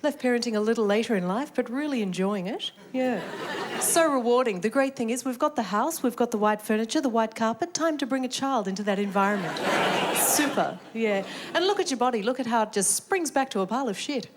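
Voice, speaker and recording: A woman's voice: a little high, expressive, fairly quick. A woman doing a stand-up routine on a club stage, dry and sarcastic, on a stage mic. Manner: dry sarcastic delivery with acted voices. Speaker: stand-up comedian. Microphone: stage microphone. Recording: live club recording, crowd noise.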